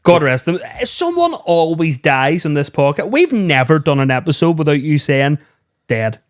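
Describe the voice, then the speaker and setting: A man throws in teasing jabs during casual podcast banter. His voice sits a little high and swoops around lively, rising and falling a lot. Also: no room sound, clean studio sound. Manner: teasing, quick interjections. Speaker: podcast co-host.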